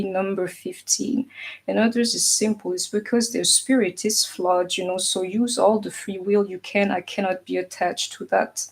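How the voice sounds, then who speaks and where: A woman tarot reader speaks in a casual, earnest monologue, her voice carrying a gravelly fry and a husky edge. She talks straight to someone who isn't there, emphatic and peppered with "you know.". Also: medium pitch, rough recording. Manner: speaks directly to an absent partner. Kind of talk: casual spoken tarot reading.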